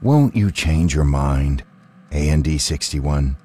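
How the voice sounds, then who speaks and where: An earnest male robot, voiced by a man, talks in careful, complete sentences. His voice is very deep. He sounds sincere and almost human. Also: lively intonation, slow pace, warm tone, breathy edge, exaggerated voice. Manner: earnest, pleading, carefully worded.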